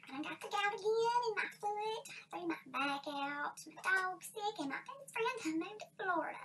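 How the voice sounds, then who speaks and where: A woman's voice: very high voice, animated, moderate pace, sharp tone, a little hiss or hum, pitched above the performer's own voice, full character voice. A woman voicing a complaining, self-pitying older aunt with a whiny drawl. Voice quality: whiny, plaintive. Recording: echoey room, distant mic.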